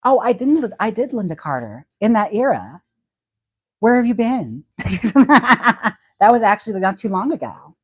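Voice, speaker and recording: A man's voice: high voice, sing-song, measured pace, slightly rough, no room sound. A man hosting a casual livestream, chatty and giggly as he talks about wigs and reads out viewer comments. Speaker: livestream host and wig stylist.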